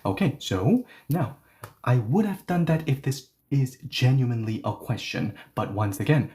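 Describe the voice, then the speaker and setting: Guy teaching a language class online, mellow warm voice, keeps asking right?. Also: mid-range voice, normal speed. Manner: animated, explains step by step, often asks "right?".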